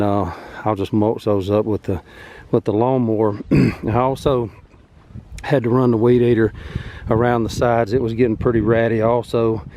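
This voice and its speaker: Easygoing farmer, mellow voice. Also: male voice, medium pitch. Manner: rambling, easygoing, many fillers. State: out of breath. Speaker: farm vlogger. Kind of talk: casual garden walkthrough. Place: outdoor vegetable garden.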